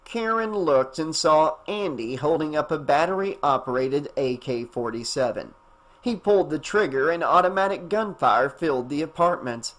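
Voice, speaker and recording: A man's voice: fairly high pitch, expressive, a little slow, fairly bright tone. Man narrating an audiobook. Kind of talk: scripted narration.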